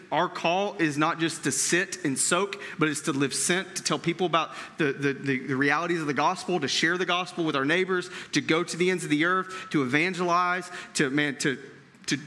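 Forceful male preacher in echoing hall. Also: on the high side. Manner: conversational preaching with frequent check-ins to the audience; repeats words and restarts while thinking. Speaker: pastor. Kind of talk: sermon.

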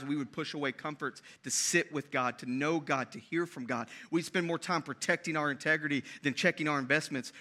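High, bright-voiced energetic preacher man. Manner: energetic, conversational preaching with many restarts. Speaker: pastor. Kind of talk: sermon.

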